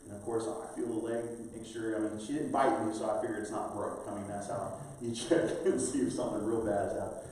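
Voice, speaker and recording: A man's voice: on the low side, steady tone, fast, a little mellow, a little hiss or hum. A middle-aged man preaching a sermon as pastor, talking with the congregation in a conversational, storytelling way. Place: church sanctuary. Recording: roomy church hall, from far off.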